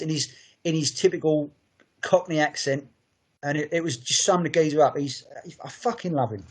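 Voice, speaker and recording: Male podcast co-host, slightly high voice, enthusiastic and profane. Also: moderate pace, breathy edge. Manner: sweary, enthusiastic, rambling. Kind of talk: casual chat.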